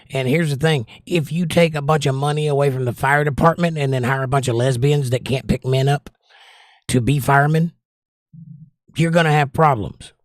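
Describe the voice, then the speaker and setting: A man's voice: mid-range voice, no room sound, studio quality. Opinionated man ranting on a livestream. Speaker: livestream host. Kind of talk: casual livestream chat reading viewer comments.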